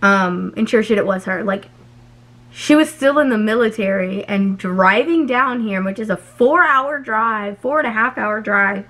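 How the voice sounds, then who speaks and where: A woman's voice: medium pitch, normal speed, a bit bright. A young woman from Texas telling a long personal story in a casual, chatty way, swearing freely and filling her sentences with "like" and "um.". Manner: profane, chatty, filler-heavy. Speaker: vlogger.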